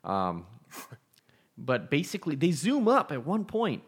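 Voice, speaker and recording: A man's voice: on the high side, huge pitch swings, unhurried, breathy edge. A man co-hosting a casual podcast, rambling with lots of fillers and casual swearing. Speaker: podcast co-host. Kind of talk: casual chat.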